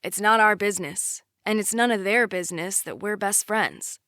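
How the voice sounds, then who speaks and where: A woman's voice: mid-range voice, normal speed, sharp tone, dry recording, clean studio sound, voice pushed up, close to an everyday voice. Woman reading as an earnest young brother. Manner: earnest, firm about his sister. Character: young man, protective older brother, easygoing. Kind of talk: audiobook character voice.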